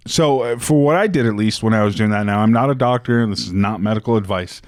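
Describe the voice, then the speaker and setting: A man with a lowish voice co-hosts a casual podcast. He explains at an easy pace, often pausing on um and uh. The recording is close and dry. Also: no room sound. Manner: explanatory, with frequent ums and uhs. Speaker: podcast co-host. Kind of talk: casual chat.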